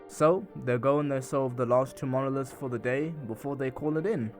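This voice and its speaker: A man's voice: mid-range voice, a little fast, faint music behind. A man casually retelling a video game's story, chatting loosely and narrating each scene. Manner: loose, chatty retelling with many "and she goes" asides. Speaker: gaming channel narrator.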